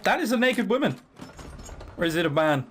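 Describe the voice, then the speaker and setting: Joking man with a lively voice. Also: high voice, brisk, a little hiss or hum. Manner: joking, sarcastic asides. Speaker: let's play host. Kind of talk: casual game commentary.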